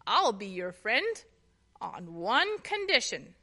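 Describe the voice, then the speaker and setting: A woman voicing a gruff, grumpy boy bully in a children's storybook reading, in a lower, grumbling voice. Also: sing-song, takes it slowly, bright, forceful tone, heavily acted. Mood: sheepish.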